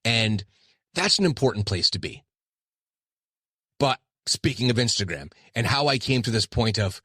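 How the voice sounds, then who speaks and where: A man's voice: mid-range voice, animated, normal speed, pushed and bright, no room sound, studio quality. A middle-aged man hosting his own podcast, talking candidly and self-deprecatingly in a rambling casual monologue. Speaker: podcast host.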